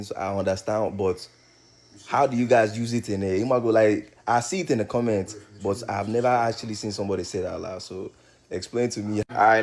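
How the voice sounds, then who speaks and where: A man's voice: medium pitch, a little mellow. A man from Nigeria talking casually to his viewers, curious and cursing freely as he asks for explanations. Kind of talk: casual vlog chat.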